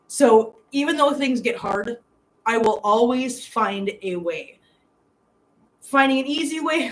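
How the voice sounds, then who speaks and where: A middle-aged woman hosts a live stream from a hotel room, talking earnestly and from the heart to her viewers and laughing often. She has a mid-range voice, and the recording is rough with slight background noise.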